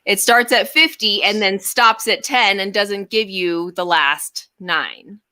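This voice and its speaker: A woman's voice: mid-range voice, takes it slowly, pushed and bright. A woman co-hosting a casual chat, reading items aloud and laughing often. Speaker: co-host.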